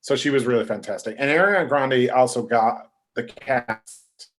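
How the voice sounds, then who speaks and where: A middle-aged man telling behind-the-scenes stories as a podcast guest, lively and acting out what people said. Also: medium pitch, moderate pace. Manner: animated, acts out quoted voices. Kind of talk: casual storytelling.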